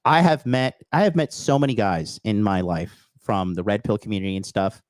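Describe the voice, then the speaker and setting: A man's voice: lowish voice, moderate pace, dry recording. A man hosting a call-in dating advice show, talking bluntly and profanely in a lecturing way. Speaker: dating coach host.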